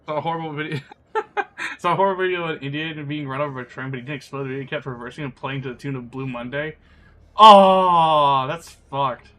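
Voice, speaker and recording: Sick male streamer with a bright voice. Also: mid-range voice, fairly even intonation, racing. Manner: crude, rambling, laughing often. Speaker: live streamer. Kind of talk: casual live stream chat.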